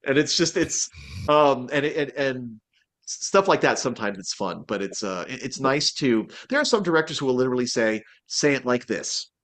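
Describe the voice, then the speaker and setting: A voice actor guest talks at a normal speed in a mid-range voice during a relaxed interview. His speech wanders with frequent restarts and fillers, and he brings quotes to life with animated delivery.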